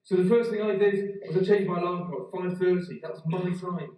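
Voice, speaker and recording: A middle-aged man speaks as a motivational speaker at a graduation. His high voice tells a lively personal story and then gives earnest advice. He sounds set back from the mic, in a big, strongly echoing hall. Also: brisk, distant mic. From Britain. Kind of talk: keynote speech at a graduation.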